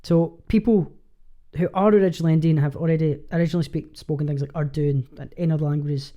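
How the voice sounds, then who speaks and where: A man's voice: fairly high pitch, steady tone, fast talker, dark tone, dull audio. A man co-hosting a podcast in casual chat, joking and swearing as he banters. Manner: jokey, profane, banters. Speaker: podcast co-host.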